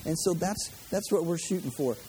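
Mellow-voiced pastor preaching casually. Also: male voice, a little high, moderate pace, a little hiss or hum. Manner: conversational, joking asides to the congregation. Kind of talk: sermon.

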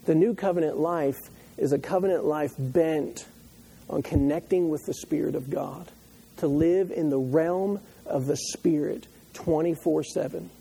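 Husky-voiced male pastor preaching. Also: a little high, unhurried, poor audio. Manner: builds from calm teaching to loud impassioned preaching. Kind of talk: sermon.

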